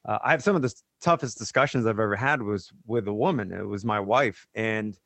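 A man's voice: on the low side, a little fast, fairly bright tone, dry recording. Casual man chiming in, dry sound. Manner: conversational, adding a point with fillers.

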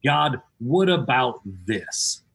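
A man's voice: mid-range voice, lively intonation, slow pace, vocal fry, fairly bright tone, husky. A man who is a former baseball chaplain, talking about faith in an emphatic, preachy way and repeating key phrases. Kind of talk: casual faith chat.

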